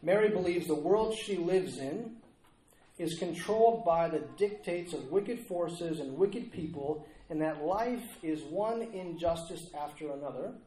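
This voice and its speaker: A man's voice: a little high, a little slow, dark tone, reverberant, a little hiss or hum, poor audio. A man preaching an earnest sermon in a church, pressing his listeners with rhetorical questions.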